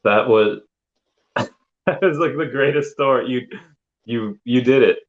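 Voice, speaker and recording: A man hosting a podcast interview, enthusiastic and quick to react. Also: mid-range voice, highs cut off. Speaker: podcast host. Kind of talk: casual interview.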